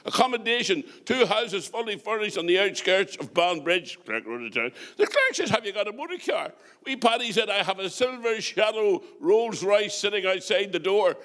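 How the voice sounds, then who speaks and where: Man, Northern Irish accent, stand-up comic, high ringing voice, quick punchlines. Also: sing-song, fairly bright tone. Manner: joke-telling, quick punchlines, chatty asides to the crowd. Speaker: comedian and compere. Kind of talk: stand-up comedy.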